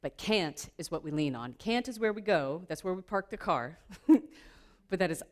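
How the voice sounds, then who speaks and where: A woman giving a playful, lively keynote talk at a conference, laughing often with the audience. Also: lowish voice, moderate pace. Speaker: keynote speaker. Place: conference room.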